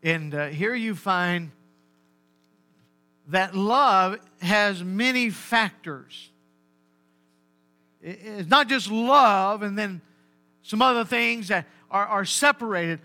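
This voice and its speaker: A man pastor delivering a sermon, animated and repetitive, calling out to the congregation. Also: high voice, takes it slowly, pauses often. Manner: animated, repeats words, calls to congregation.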